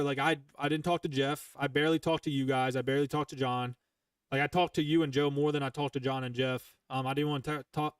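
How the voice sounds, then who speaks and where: A man's voice: a little high, smooth, no room sound, recorded from a distance. A man hosting a podcast, telling a heated, profane story in casual chat and rambling with restarts. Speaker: podcast host.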